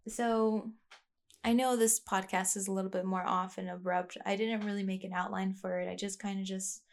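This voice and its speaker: A woman's voice: medium pitch, little pitch movement, normal speed. Young woman, podcast host, unscripted and reflective, many fillers and restarts, mid-range voice. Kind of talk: casual personal monologue. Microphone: plugged-in podcast mic.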